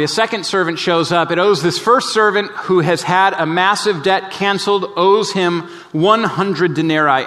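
Earnest preacher with a hall echo. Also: male voice. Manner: earnest, emphatic, drops soft and low for key points. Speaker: pastor. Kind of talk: sermon. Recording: long reverb of a large hall.

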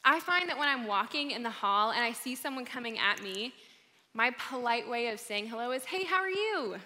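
Female speaker, encouraging and conversational, bright tone, live hall sound. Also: on the high side, a little fast. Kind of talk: live talk to an audience. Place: large room with an audience. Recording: hall reverb.

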